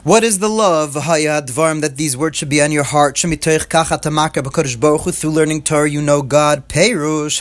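A man giving a Torah class, reading Hebrew quotes and explaining them in English, with emphatic repetitions and questions to his listeners. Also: a little high. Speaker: Torah teacher.

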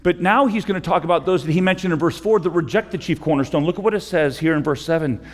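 A middle-aged man preaches as pastor in a church sanctuary with long hall reverb, talking conversationally, repeating himself and rising to passionate pleas. He speaks fast, in a slightly high voice.

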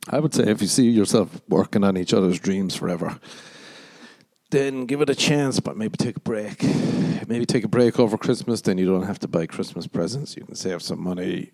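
A man's voice: fairly low pitch, mellow. A man with an Irish accent hosting a podcast and rambling in casual chat, self-deprecating and swearing a lot. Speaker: podcast host, stand-up comedian.

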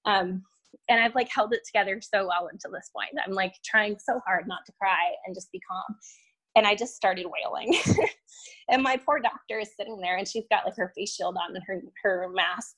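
A young woman guest recounting a painful personal experience in casual, halting talk, full of "um" and "like" and restarts. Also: mid-range voice, a bit bright. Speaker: podcast guest; violin teacher.

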